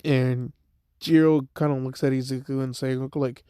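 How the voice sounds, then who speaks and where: A man's voice: mid-range voice, flat delivery, moderate pace, dark tone, clean tone, dry recording, clean studio sound. A young man casually retelling a made-up fan story, rambling with lots of filler words. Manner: rambling, heavy "like" and "type shit" fillers.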